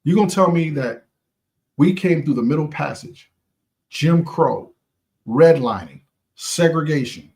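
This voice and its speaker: A man's voice: a little high, animated, a little slow, pauses often, darkish tone. A man hosting a live stream, giving an impassioned, preachy motivational talk in casual slang, repeating phrases for emphasis and talking straight to his viewers.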